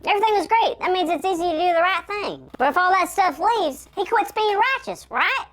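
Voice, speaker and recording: A man playing a tiny shrunken host, his voice sped up to a squeaky chipmunk pitch, panicky and goofy in a kids' church skit. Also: animated, fairly bright tone. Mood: curious. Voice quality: squeaky cartoon-elf voice. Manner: panicky, goofy, quick to exclaim.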